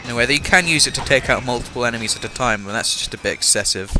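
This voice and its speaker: A man's voice: mid-range voice, rapid-fire. A young man with an English accent and a slight cough, chatting casually while he plays a game. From England. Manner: chatty, self-mocking, many fillers. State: has a cough. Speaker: let's-play gamer. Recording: voice over game music.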